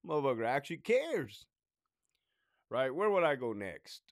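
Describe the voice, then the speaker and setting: A man's voice: mid-range voice, wildly swooping pitch, slow pace, no room sound, studio quality. A man in his thirties, a former prison lieutenant, ranting in a profane storytime style and laughing between points. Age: 30s.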